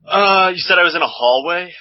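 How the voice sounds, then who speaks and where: A man's voice: sits high, fairly quick, no room sound. A man playing in a tabletop game, joking around and eager to cause trouble. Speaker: player. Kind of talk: casual tabletop game chat. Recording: dull lo-fi sound.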